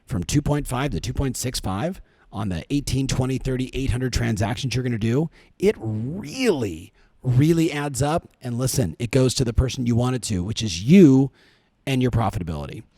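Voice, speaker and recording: Lively man coaching business owners. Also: mid-range voice, normal speed, no room sound. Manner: energetic, coaching, asks rhetorical questions. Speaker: podcast host and real estate coach. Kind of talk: motivational podcast talk.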